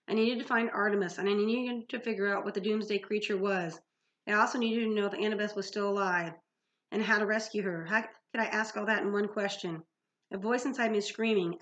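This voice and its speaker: A woman teacher reading a novel aloud to her class in an expressive storytelling manner, with small slips. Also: mid-range voice, highs cut off.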